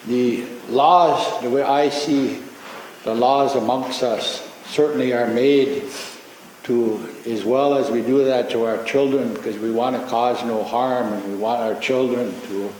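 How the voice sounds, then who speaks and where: A man giving a ceremonial opening acknowledgment in a large courtroom, talking slowly and reflectively with frequent pauses and repetitions. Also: medium pitch, steady tone, a little mellow, slight background noise. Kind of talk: ceremonial public address. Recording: very echoey hall with long reverb.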